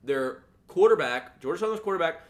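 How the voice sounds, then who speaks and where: A man's voice: a little high, animated, brisk. A man co-hosting a podcast, giving confident, blunt betting picks in casual sports chat. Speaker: podcast co-host.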